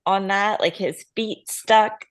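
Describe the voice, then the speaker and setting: A woman co-hosting a podcast who chimes in with quick, laughing interjections in casual banter. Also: mid-range voice, fairly even intonation, crowd noise. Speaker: podcast co-host.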